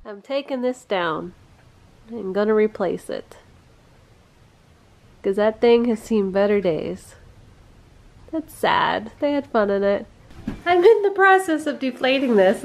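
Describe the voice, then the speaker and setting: Soft-spoken young mom vlogging at home. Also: female voice, a little high, a little hiss or hum. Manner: gentle, talks softly to her toddlers. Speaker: mother and family vlogger. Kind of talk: casual family vlog narration.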